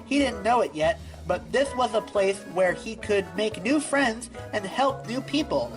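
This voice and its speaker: A woman reads a fan-written story aloud at a steady narrating pace. Her voice sits at a middling pitch, with faint music playing underneath. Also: unhurried, poor audio. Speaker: fanfiction reader. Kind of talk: reading a fanfic aloud.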